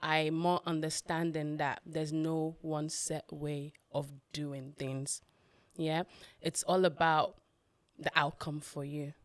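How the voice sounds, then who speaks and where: A woman's voice: sits low, level tone, takes it slowly, no echo. A woman co-hosting a podcast, affirming and telling stories in a casual, heartfelt chat. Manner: warm, affirming, storytelling. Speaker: podcast co-host.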